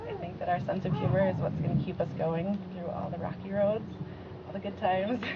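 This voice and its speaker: Bride reading her vows, earnest and warm, a bit muffled home-video sound. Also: fairly low pitch, steady tone, a little fast, very noisy. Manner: heartfelt, earnest, with soft laughs. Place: outdoors by a lake.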